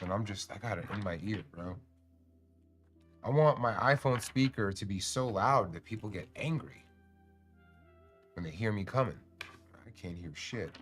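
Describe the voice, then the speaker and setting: A man's voice: lowish voice, moderate pace, a bit bright, soft background music. A man hosting a casual livestream, chatting in a rambling, joking way and swearing freely. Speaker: cannabis streamer and host.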